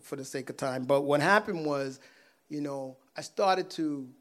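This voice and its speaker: A man with a fairly high voice shares a personal testimony in casual storytelling mode. He is animated and laughs often. His volume swings between loud bursts and hushed asides. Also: measured pace. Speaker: guest sharing a personal testimony.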